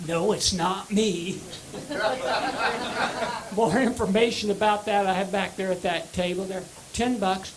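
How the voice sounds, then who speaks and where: Older man with a high squeaky voice. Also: crowd noise, low-quality recording. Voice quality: high squeaky voice after voice surgery. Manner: dry, self-mocking joke telling with wry pauses. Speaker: stand-up comedian. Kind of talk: stand-up comedy set. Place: comedy club stage before a live audience. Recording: live club recording with audience laughter.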